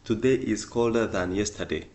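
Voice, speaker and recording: A man teaching a beginner English grammar lesson, going step by step and repeating each example word with extra stress. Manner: slow and deliberate, repeating example words; stresses example words louder and higher.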